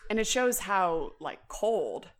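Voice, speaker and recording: A young woman co-hosting a podcast in casual chat, animated and quick to laugh, with lots of fillers. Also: medium pitch. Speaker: podcast co-host.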